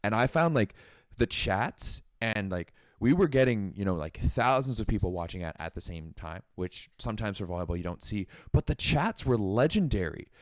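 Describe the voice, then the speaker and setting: A man's voice: fairly low pitch, moderate pace, no room sound. Rambling young man, dry close sound. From Canada. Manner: rambling, filler-heavy, animated. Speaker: podcast host. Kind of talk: casual podcast chat.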